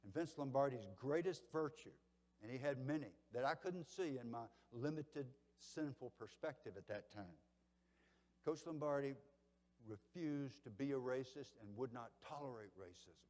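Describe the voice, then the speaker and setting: A man in his seventies with a Southern accent gives a motivational keynote at a banquet, telling stories dramatically and swinging from hushed to loud. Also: medium pitch, animated, normal speed, big-room sound. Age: 70s. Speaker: keynote speaker. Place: large banquet hall.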